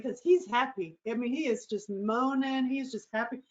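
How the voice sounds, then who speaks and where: A woman's voice: a little high, normal speed. A woman hosting her show, telling a candid personal story in a bubbly, crude, laughing way. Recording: slightly dull lo-fi recording.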